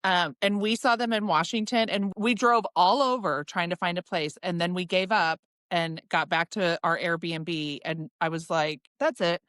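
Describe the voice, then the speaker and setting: A woman's voice: lowish voice, moderate pace, hardly any pauses, no room sound, clean studio sound. A woman co-hosting a podcast, chatting casually and trading stories with her sister. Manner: relaxed, frequent agreeing interjections. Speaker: podcast co-host. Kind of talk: casual chat.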